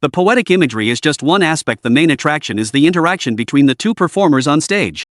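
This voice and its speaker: A man narrating a web comic recap in a brisk storytelling manner. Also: fairly high pitch, animated, dry recording, clean studio sound.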